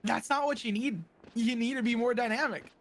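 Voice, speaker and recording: Play-by-play esports caster, middling pitch, rambling and jokey with lots of restarts. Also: a little fast, a little hiss or hum. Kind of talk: live esports commentary.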